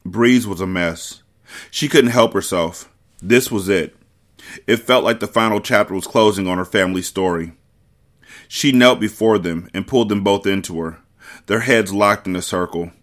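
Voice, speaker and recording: A man hosting a book podcast, reading a novel aloud with measured, expressive narration. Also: lowish voice.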